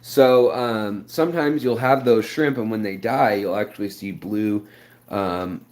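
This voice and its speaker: A man's voice: lowish voice, steady tone, measured pace, darkish tone. A man hosting a live stream, answering viewers in a rambling, explanatory way with many fillers. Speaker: aquarium channel host.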